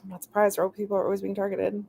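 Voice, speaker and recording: A woman's voice: medium pitch, monotone, very fast, creaky, dark tone, slight background noise. A woman hosting a casual live stream from her bed, chatty and giggly with lots of fillers. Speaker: streamer host. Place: lying in bed at home. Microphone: headphones with mic.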